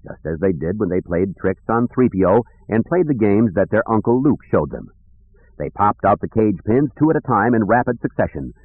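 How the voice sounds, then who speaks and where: A man reading an audiobook aloud in a measured, expressive storytelling manner. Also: fairly low pitch, dry recording. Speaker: audiobook narrator. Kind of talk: scripted audiobook narration. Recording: tinny lo-fi audio, dry.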